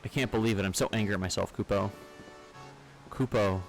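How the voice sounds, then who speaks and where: A man's voice: fairly low pitch, fairly quick, soft background music, natural voice. A man voicing a small upset moogle creature who blames itself and tacks kupo onto its lines.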